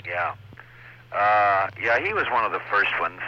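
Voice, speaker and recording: A man's voice: on the low side, very animated, normal speed, pushed and bright, slight background noise. A man from Canada, an impressionist telling chatty stories about his early years in an interview. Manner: chatty, laughing storyteller who slips into voices. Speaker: impressionist guest. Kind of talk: anecdotal interview chat. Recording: lo-fi radio recording.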